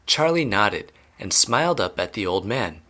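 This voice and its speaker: Bright-voiced man reading a storybook. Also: lowish voice, moderate pace. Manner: clear, steady storybook reading. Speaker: English teacher reading a novel aloud. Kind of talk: reading a children's novel aloud.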